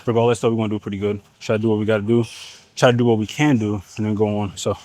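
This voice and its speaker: A young man explaining leg exercises in a gym, in relaxed slangy talk, at times out of breath. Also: on the low side, racing, no echo. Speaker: fitness vlogger. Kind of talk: casual gym coaching vlog.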